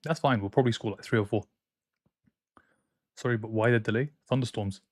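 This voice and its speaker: Here a young man with a fairly low voice runs a casual football watchalong live stream from his home room in France. He speaks briskly, bantering with strong opinions while he reads and answers chat, all on a dry close mic with no echo.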